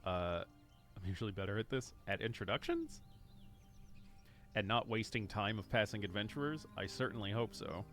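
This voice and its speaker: A man with a somewhat low voice chats casually while streaming a game. He rambles and thinks out loud, filling gaps with fillers and restarts. Game music hums faintly behind him. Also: big pitch swings, moderate pace. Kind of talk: casual live-stream gameplay commentary.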